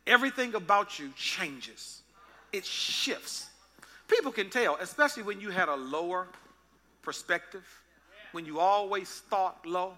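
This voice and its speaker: Male pastor, high voice, AAVE, playful sermon delivery with sung bits. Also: sharp tone. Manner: playful, joking with the congregation, singing in bits.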